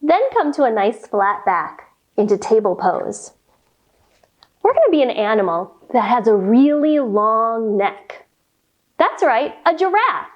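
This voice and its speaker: Woman kids'-yoga teacher, high and very lively, slow and sing-song, playful with animal sounds. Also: lo-fi sound. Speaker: children's yoga instructor. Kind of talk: kids' yoga and story warm-up lesson.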